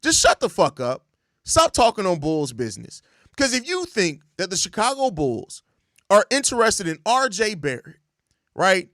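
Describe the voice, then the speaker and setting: A man's voice: high voice, wildly swooping pitch, normal speed, fairly bright tone, no echo, clean studio sound. A young man hosting a sports show, ranting in exasperated, profane casual commentary and repeating himself. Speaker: sports podcast host.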